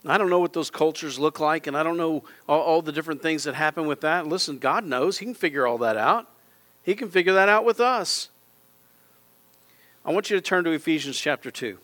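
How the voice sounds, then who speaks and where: Bright, high-voiced impassioned male preacher. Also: brisk. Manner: impassioned, repetitive preaching with direct appeals. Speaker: pastor. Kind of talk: sermon. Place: church auditorium.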